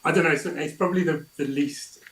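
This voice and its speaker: A man's voice: fairly high pitch, fairly even intonation, fast, fairly bright tone. Rambling man from South East England, roomy. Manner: rambling, hesitant, with repeated words. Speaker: guest on a livestream. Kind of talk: casual chat. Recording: roomy echo.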